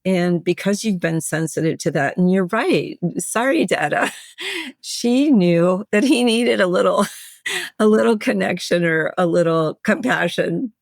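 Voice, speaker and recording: This is a middle-aged woman, a guest on a podcast, who talks about education in a warm, affirming way. Her voice sits low with a gravelly texture. The recording is dry and close. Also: measured pace, no echo. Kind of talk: interview conversation.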